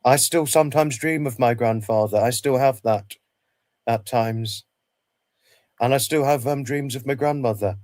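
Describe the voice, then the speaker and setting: A man speaks on a casual livestream in a middle-pitched voice, talking haltingly, circling back and repeating phrases as he gropes for words. The sound is dry and close, with no room around it. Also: a little mellow, no echo. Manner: halting, repeats himself, many restarts. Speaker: livestream host.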